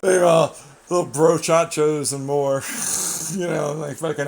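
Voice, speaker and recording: A man's voice: on the high side, measured pace, vocal fry, a little hiss or hum. A young man animatedly telling racing stories in casual chat, swearing and laughing often. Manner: animated, swearing, laughing often, quoting people in mock voices. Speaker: racer.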